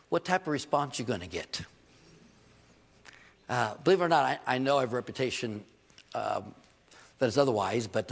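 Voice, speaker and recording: A man's voice: medium pitch, gravelly, long reverb tail. A man preaching a sermon as a pastor, telling stories to his congregation and building to emphatic points.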